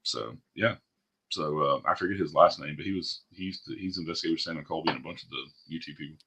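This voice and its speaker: A man's voice: extremely low pitch, fast talker, a bit bright, slight background noise. A man hosting a podcast in casual chat, talking bluntly and profanely in a ranting way. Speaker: podcast host.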